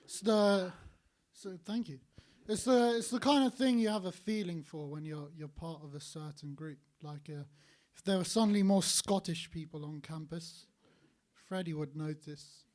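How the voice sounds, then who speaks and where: High-voiced young stand-up comic. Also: male voice, fairly even intonation, moderate pace, a little mellow. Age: young adult. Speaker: student stand-up comedian. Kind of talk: live stand-up comedy.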